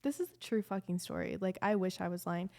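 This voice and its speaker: Animated young woman telling a story. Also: fairly low pitch, a little fast. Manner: animated, candid, swears freely, lots of "like". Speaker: podcast host. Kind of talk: casual storytime chat.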